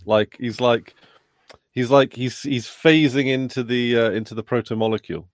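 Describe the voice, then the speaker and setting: A man's voice: medium pitch, dry recording. Male co-host, casual chatty delivery, dry close mic. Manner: chatty, quick asides and questions. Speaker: podcast co-host. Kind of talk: casual chat.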